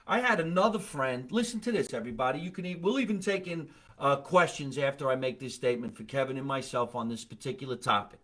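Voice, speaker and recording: A man's voice: medium pitch, lively intonation, fast, few pauses, fairly bright tone. A man hosting a comedy podcast, talking in a blunt, profane, rambling way in casual chat. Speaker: podcast host.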